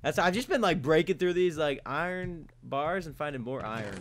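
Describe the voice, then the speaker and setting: A man's voice: fairly high pitch, expressive, normal speed, a bit bright, slight background noise. A young man chatting casually while playing a game, rambling and questioning himself in a playful way. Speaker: gamer. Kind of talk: casual gaming chat.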